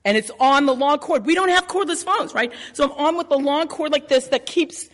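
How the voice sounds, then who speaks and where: A woman's voice: sits high, a little fast, a bit bright. A woman telling a personal story live, brash and swearing freely as she acts out scenes. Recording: long hall reverb.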